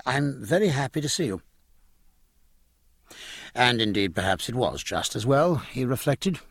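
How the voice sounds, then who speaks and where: Brief: male audiobook narrator, husky tone, animated delivery. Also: on the low side, no room sound, studio quality. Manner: expressive, measured storytelling. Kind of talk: scripted narration.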